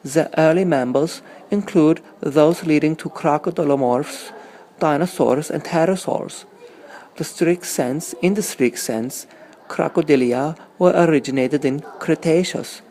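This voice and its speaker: A man doing a high, put-on accent reading signs. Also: measured pace, a little mellow. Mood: mock-formal. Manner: stilted, careful placard reading.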